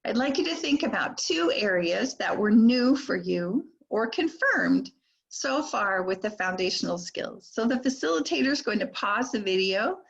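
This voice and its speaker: An older woman giving a teacher training lecture on reading skills, slowly sounding out words and their sounds. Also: on the high side, lively intonation, creaky, slightly rough, lo-fi sound. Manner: slow, deliberate modeling of speech sounds. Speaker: literacy trainer.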